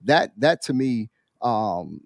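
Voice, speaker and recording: A man's voice: mid-range voice, animated, slow. A man co-hosts a podcast in a mid-range voice. He talks enthusiastically and rambles, full of fillers and restarts. The sound is dry, with no room echo. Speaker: podcast co-host. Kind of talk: casual podcast talk.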